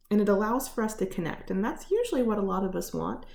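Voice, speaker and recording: Gentle woman teaching from home. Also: medium pitch, lively intonation, fairly quick, vocal fry, few pauses, reverberant. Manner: gentle, explanatory, many fillers. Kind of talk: casual home lesson on feelings. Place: living room.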